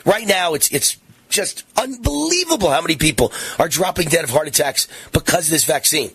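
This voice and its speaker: A man's voice: a little high, lively intonation, a little fast, fairly bright tone, a little hiss or hum. A man in his sixties hosting a political talk radio show, combative and mocking, his voice rising into sing-song taunts. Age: 60s.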